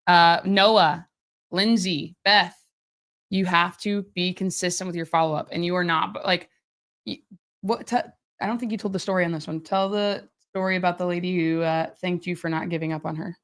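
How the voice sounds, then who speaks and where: Woman host, direct, lowish voice, nudging someone for a story. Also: fairly even intonation, moderate pace, a bit bright. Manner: direct, prompting the guest. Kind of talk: casual group call.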